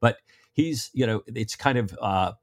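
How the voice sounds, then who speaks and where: A man's voice: fairly low pitch, a little slow, dry recording, studio quality. A man co-hosting a casual book discussion podcast, loosely retelling scenes with stammering restarts. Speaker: podcast co-host.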